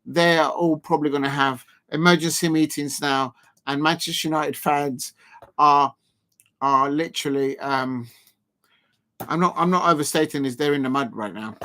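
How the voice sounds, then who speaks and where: A man's voice: on the high side, fairly even intonation, normal speed, bright, forceful tone. A man streaming a live football reaction, chatty and laughing, calling out his viewers. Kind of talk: live match reaction commentary.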